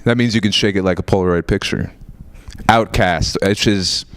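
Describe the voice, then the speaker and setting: A young man from Florida doing a stand-up set, rambling and self-mocking, now and then bursting into loud mock outrage. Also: sits low, fairly even intonation, moderate pace, a little hiss or hum. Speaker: stand-up comedian. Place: TV studio stage with a live audience.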